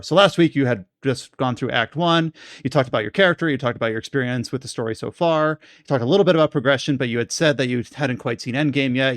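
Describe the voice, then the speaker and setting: A man's voice: medium pitch, no echo, studio quality. A man hosting a casual podcast, talking in a rambling way with many restarts as he steers the conversation. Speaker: podcast host.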